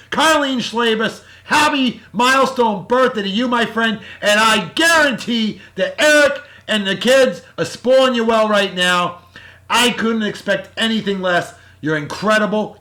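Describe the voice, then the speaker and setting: A man hosting a casual beer-tasting vlog, talking in a loud, hyped-up, slangy way and sounding short on sleep. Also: high voice. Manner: boisterous, hyped-up, shouty slang-laden praise. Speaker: vlog host.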